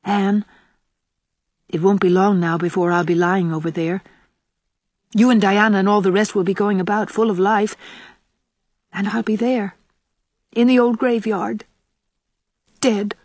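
A frail, frightened young woman, as a female reader puts her on, pleading in a high, trembling voice. The tone stays breathy and husky, close and dry. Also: fairly even intonation, unhurried, pauses often, a little mellow, dry recording, natural voice. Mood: fearful.

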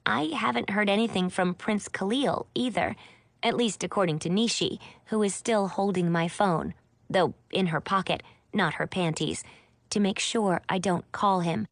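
A woman's voice: medium pitch, normal speed, gravelly, no echo. A woman reading a first-person audiobook in a chatty, wry storytelling manner. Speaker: audiobook narrator.

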